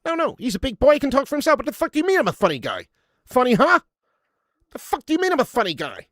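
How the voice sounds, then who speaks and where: A man putting on the high, confrontational voice of a touchy New York gangster. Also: big pitch swings, fast, a bit bright, no echo, clean studio sound, full character voice. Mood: menacing. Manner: needling, confrontational questions.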